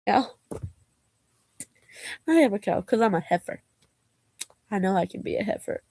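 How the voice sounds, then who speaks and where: A woman's voice: medium pitch, measured pace, long pauses, darkish tone. A young woman vlogger reading jokes aloud in a casual way, laughing and groaning at them and adding slangy asides.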